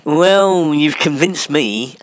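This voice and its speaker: A man's voice: a little high, lively intonation, slow. A prissy, nasal simpleton, drawling in swooping, sing-song lines. He frets over everything in a comic audio sketch. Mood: prim fussing. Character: prim fussy simpleton man, nasal and put-upon.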